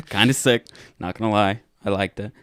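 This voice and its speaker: A man's voice: lowish voice, moderate pace, smooth, dry recording, studio quality. A young man co-hosting a podcast, telling a long drunken night-out story in a casual, profane way and acting out the quotes. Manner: profane, animated retelling with acted-out quotes. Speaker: podcast co-host.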